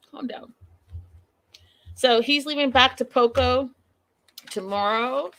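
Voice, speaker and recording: A woman's voice: medium pitch, fairly bright tone. A woman hosting a live recap show, talking straight to her viewers in a chatty, amused way.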